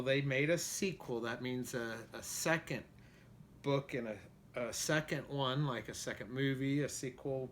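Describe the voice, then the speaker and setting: A man reading a children's picture book aloud in an expressive way, pausing to ask his listeners questions. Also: medium pitch, a little hiss or hum. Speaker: storybook reader. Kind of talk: children's storybook read-aloud.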